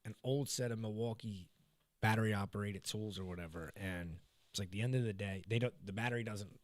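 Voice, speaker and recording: A man hosting a podcast, telling a work story in casual chat, swearing freely and getting loud when he mimics coworkers. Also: fairly low pitch, brisk, dry recording. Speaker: podcast host. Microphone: studio podcast mic.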